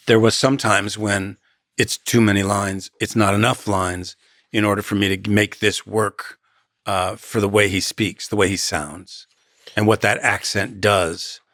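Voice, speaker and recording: A man's voice: on the low side, fairly bright tone, no echo, clean studio sound. A man in his sixties, a guest actor in a conversational interview, reflective and given to anecdotes.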